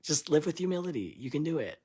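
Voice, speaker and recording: A spiritual channeler, a man, delivers a live channeled reading in a loose, irreverent way, cursing and laughing between lines and swinging from loud declarations to quiet asides. His husky voice sits a little high, with big pitch swings and a quick pace.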